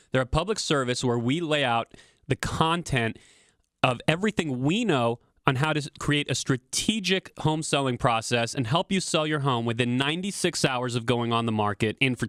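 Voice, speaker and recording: Guy cohosting radio, fast salesy pitch, dry close mic. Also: a bit bright, no echo. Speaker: radio show co-host, real estate agent. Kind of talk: radio talk show chat.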